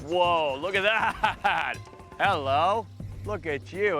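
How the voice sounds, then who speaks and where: Man, wildlife presenter, high voice, bright tone, exclamatory, talks to animals. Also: very slow, faint music behind. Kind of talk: enthusiastic on-location presenting.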